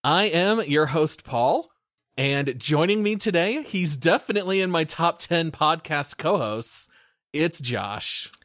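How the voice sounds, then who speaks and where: A man's voice: a little high, lively intonation, slow pace, fairly bright tone, no room sound, studio quality. A man hosting a gaming podcast, reading the intro in an upbeat, announcer-like way and then chatting casually. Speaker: podcast host.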